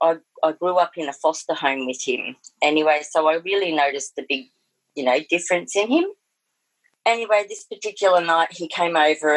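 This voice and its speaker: A woman's voice: low voice, no echo, rough recording. A middle-aged Australian woman telling a personal ghost story in a rambling, casual way, full of fillers and restarts.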